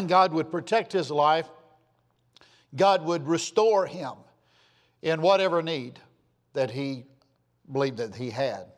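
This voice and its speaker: A man preaching a sermon in an earnest, pleading way, his voice dropping softly at the ends of phrases. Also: fairly high pitch, slow pace, pauses often, long reverb tail.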